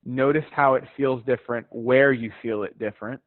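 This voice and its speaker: A man coaching a live stretching class in a relaxed, encouraging voice, chatting easily between cues. His voice comes through a narrow, phone-like video call with a dry, close sound. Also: mid-range voice, normal speed, no echo. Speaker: fitness instructor.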